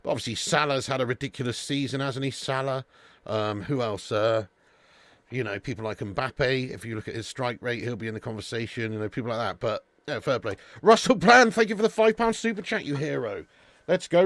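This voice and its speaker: Chatty matey watch-along host, dry mic. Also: male voice, medium pitch, fairly quick, dry recording. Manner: chatty, banters with chat, calls viewers mate and lad. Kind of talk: casual live-stream chat.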